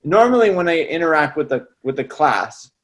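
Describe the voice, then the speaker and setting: A man who teaches music, telling stories in a casual chat, animated and slangy, often tacking "man" onto his lines. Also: a little high, brisk. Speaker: music teacher and salsa trumpet player.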